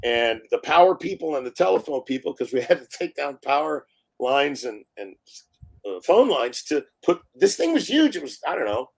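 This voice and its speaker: A man's voice: on the high side, sing-song, normal speed, gravelly. A man, a film director, telling stories in a live interview, acting out quotes and laughing often. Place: live online stream.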